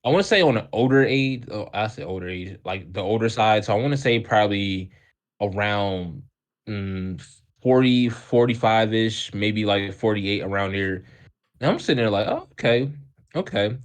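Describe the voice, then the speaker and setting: This podcast co-host speaks in a fairly low voice at a normal speed. He casually recounts a childhood memory, wandering off track, restarting and using fillers, and breaking into laughter often.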